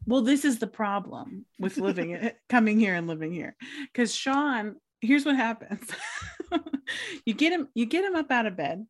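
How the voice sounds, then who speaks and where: A woman's voice: on the high side, animated, normal speed. Chatty woman telling stories with laughs. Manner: chatty storyteller, laughs often. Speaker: podcast co-host. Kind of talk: casual chat.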